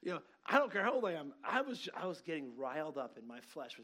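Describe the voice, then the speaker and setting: A man in his forties delivers a sermon in a storytelling manner. His voice swings from hushed, intimate asides to sudden loud outbursts as he acts out the story. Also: a little high, big pitch swings, fast. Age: 40s. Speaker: pastor.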